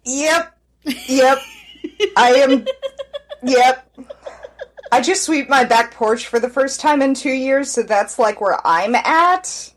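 A woman's voice: high-pitched, takes it slowly. A woman co-hosting a podcast, chatting casually with dry, wry quips. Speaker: podcast co-host.

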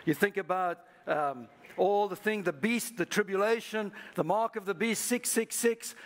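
At a church service, a man with a high voice preaches at a normal speed as pastor to a live congregation. He prompts his listeners to repeat phrases back to each other.

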